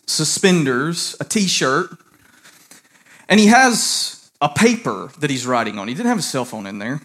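A pastor preaches to a congregation. The voice sweeps widely up and down, and the words come slowly and deliberately. The manner is animated storytelling that turns into fervent preaching. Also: medium pitch. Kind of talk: sermon.

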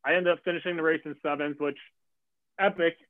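A man telling a race story in casual chat, acting out quotes with lively jumps in his voice. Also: fairly quick, no room sound. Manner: animated, acts out quotes with big pitch jumps. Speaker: guest athlete. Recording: tinny phone-like line.

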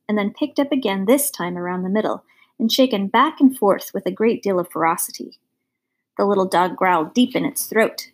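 A woman narrating a children's novel chapter in a measured, clear storytelling manner. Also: medium pitch. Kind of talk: audiobook narration.

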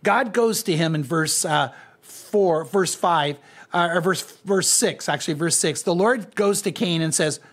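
High-voiced man teaching a Bible lesson. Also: measured pace, a bit bright. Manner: earnest, speaks directly to listeners. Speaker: pastor.

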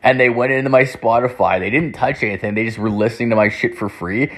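A man's voice: mid-range voice, fairly even intonation, fast talker, a bit bright. A young man telling a rambling story in casual talk, swearing heavily and filling his speech with "like". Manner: rambling, heavy swearing, constant "like".

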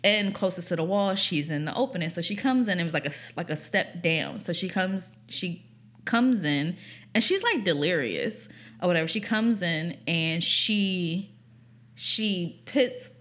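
A young woman co-hosting a podcast, telling a story in casual chat, animated and swearing, with lots of "like" fillers. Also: fairly low pitch, unhurried. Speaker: podcast co-host.

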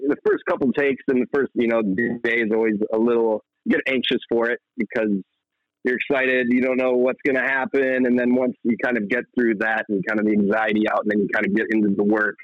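A man's voice: medium pitch, fairly quick, no room sound, narrow, tinny audio. A young man, an actor, talking casually in an interview, rambling and laughing often. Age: young adult. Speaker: actor guest.

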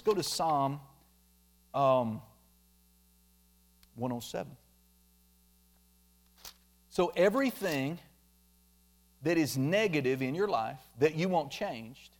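A man preaching a sermon, animated, acting out quoted complaints in mocking voices. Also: on the high side. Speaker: pastor.

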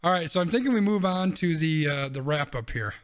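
A man's voice: a little high, animated, a little fast, smooth. A man hosting a podcast, chatting casually and ranting bluntly, with some swearing. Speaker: podcast host.

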